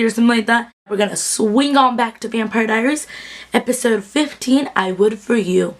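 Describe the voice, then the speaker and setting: A woman's voice: mid-range voice, fairly quick. A young woman casually recapping a TV episode, chatty and bubbly with lots of fillers, acting out characters' quotes. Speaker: TV recap vlogger. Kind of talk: casual chat.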